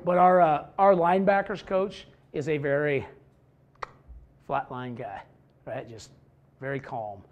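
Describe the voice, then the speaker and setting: Gravelly, wry football coach presenting. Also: male voice, fairly high pitch, measured pace, pauses often, muffled recording. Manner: blunt, wry and joking, with occasional swearing. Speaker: high school football head coach presenting at a clinic. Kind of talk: casual clinic presentation. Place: presentation room with a live audience.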